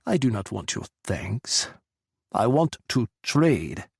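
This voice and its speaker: Guy doing a smirky russian president, thick russian accent, gravelly, dry close sound. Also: fairly low pitch, very animated, takes it slowly, no echo, heavily acted. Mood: sly. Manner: smirking, easy, cutting. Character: scheming restless male Russian president.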